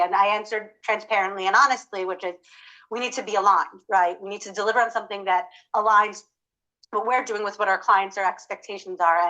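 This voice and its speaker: A woman's voice: medium pitch, bright, forceful tone, poor audio. A woman in her forties speaking as a panelist at a conference, talking conversationally with frequent fillers and self-corrections.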